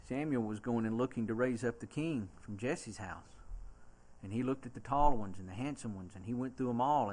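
A man with a Southern US accent preaching a sermon as a pastor, reading scripture aloud slowly and swinging from soft, low delivery to loud, emphatic preaching.

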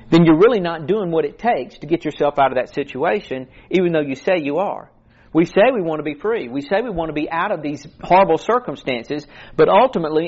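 Earnest preaching man, dull lo-fi sound. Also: on the high side. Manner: earnest, conversational, quotes scripture. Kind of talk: sermon.

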